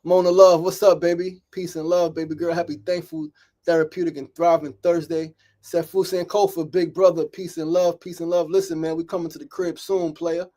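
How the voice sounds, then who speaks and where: Fairly high in pitch but dark in tone, the voice comes out flat and fairly quick. It belongs to a middle-aged New Yorker hosting a motivational daily talk show, where he speaks emphatically, repeats himself and often asks "right?".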